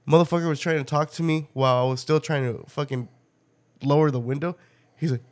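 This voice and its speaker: A man hosting a podcast, telling a story in a loose, profane, animated way and often breaking into laughter. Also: on the high side, quick pace. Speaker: podcast host. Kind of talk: casual storytelling chat.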